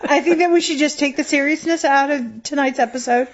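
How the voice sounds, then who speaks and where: A woman's voice: high-pitched, fairly quick. A woman co-hosting a podcast, joking wryly in casual chat. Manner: wry, joking. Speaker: podcast co-host. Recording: dull lo-fi podcast audio.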